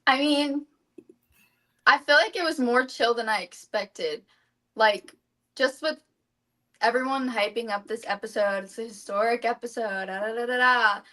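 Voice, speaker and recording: A woman's voice: fairly high pitch, normal speed, pushed and bright. A woman on a podcast panel, talking casually and emphatically. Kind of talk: casual recap chat.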